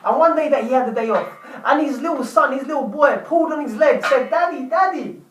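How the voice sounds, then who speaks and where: A chatty man with a high-pitched voice tells a story to his viewers, often repeating himself. His voice sounds roomy, as if he sits a bit back from the mic. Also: quick pace, a bit bright, far from the mic, soft background music. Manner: chatty, repeats words while telling. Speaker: vlogger telling a story. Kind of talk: casual storytelling vlog.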